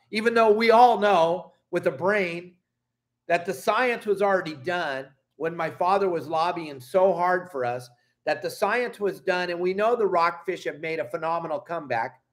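A man's voice: high-pitched, normal speed. Angry fishing vlogger, middle-aged man. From Southern California. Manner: angry, emphatic, swears and apologizes. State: upset. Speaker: fishing channel host. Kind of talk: heated vlog rant.

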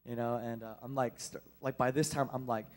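A man's voice: medium pitch, level tone, slight background noise, low-quality recording. Man telling an emotional church testimony. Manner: halting, emotional storytelling with many restarts. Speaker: church speaker sharing a testimony. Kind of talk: personal testimony in a sermon.

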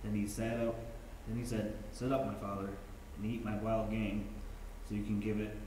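A man's voice: fairly low pitch, flat delivery, normal speed, mellow. A man in a Bible study group reading scripture aloud, stumbling and restarting a few words. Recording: far-off mic in a very echoey room, faint noise.

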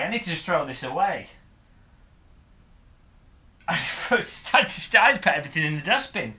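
Guy chatting on stream, jokey and sweary, bright voice jumping around in pitch, faint music under it. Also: expressive, normal speed, pauses often. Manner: joking, sweary, self-mocking, talks while setting up gear. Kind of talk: casual livestream chat.

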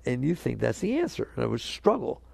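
Gravelly, animated man giving a spiritual talk. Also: mid-range voice, quick pace, no echo. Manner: animated, asks the audience questions; acts out quoted inner voices. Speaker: spiritual teacher. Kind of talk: spiritual talk to a live audience.

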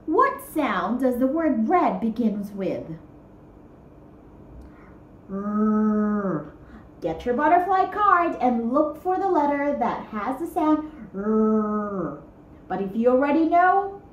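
A woman teaching young children to write, talking slowly and patiently in a sing-song teacher voice and stretching words out. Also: high voice, echoey room, lo-fi sound, a little hiss or hum. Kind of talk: guided writing lesson for young children.

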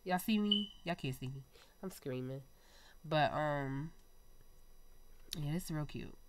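A young woman hosting her own gaming channel, chatting excitably to viewers over gameplay while her nose is stuffy. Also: sits low, slow. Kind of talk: casual gameplay commentary.

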